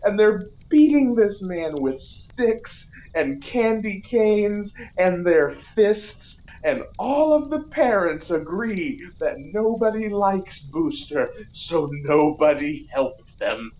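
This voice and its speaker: A woman's voice: mid-range voice, sing-song, takes it slowly, few pauses, dark tone, rough recording. A woman co-hosting a podcast, casually recapping a film, often saying "like" and swearing freely. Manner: swears freely, peppers talk with "like". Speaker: podcast co-host. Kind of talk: casual movie recap chat.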